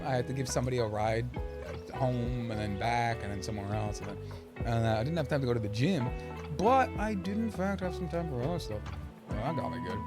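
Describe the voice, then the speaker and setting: A young man casually commentating a game on stream, chatty and rambling, with game music behind. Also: mid-range voice.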